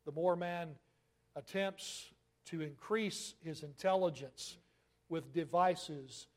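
A man preaching a sermon with emphatic, deliberate delivery, leaning on rhetorical questions and drawn-out stresses. His voice sits a little higher than most men's.

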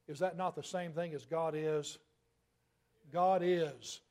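A man preaching a sermon with emphatic, deliberate delivery, leaning on rhetorical questions and drawn-out stresses. His voice sits a little higher than most men's. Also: steady tone, darkish tone.

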